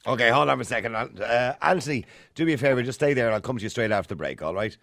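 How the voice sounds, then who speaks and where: An Irish man hosts a radio phone-in and moves things along at a quick clip. His pitch rises and falls a lot as he jumps in to steer the callers. The studio mic sounds close and dry. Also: vocal fry, no room sound. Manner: lively, cuts in to steer callers. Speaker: radio talk show host.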